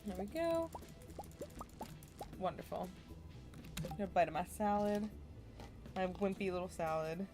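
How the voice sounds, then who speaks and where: Relaxed, chatty woman streamer. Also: mid-range voice, unhurried, pauses often, music in the background. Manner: relaxed, chatty, self-deprecating, muttering asides. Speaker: gaming streamer. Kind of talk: casual gameplay commentary.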